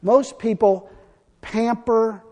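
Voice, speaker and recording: Male preacher, high-pitched, fiery and plainspoken delivery. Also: takes it slowly. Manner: folksy, blunt, excitable with bursts of shouting. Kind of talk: fiery sermon.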